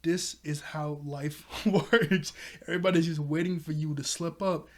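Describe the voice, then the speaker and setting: A man's voice: fairly high pitch, steady tone, unhurried. A man casually recapping a cartoon episode, laughing often and acting out the characters' lines. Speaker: episode reviewer. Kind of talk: casual recap with quoted voices.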